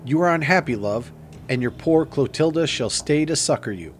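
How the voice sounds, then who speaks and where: A man's voice: on the high side, animated, normal speed, faint music behind, pitched above the performer's own voice, lightly acted. A man voicing a devoted young woman who pleads with her beloved in tender, old-fashioned speech. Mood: tender devotion. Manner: archaic, solemn, tender pleading. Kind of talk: audiobook character reading.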